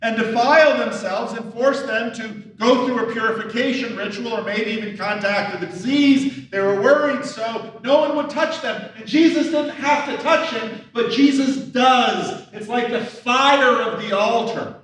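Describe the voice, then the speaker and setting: A man's voice: extremely high pitch, measured pace, few pauses, fairly bright tone, slight background noise. A man preaching a sermon as pastor, talking conversationally and acting out the questions and lines of the people in his story. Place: church sanctuary. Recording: roomy church hall from a distance.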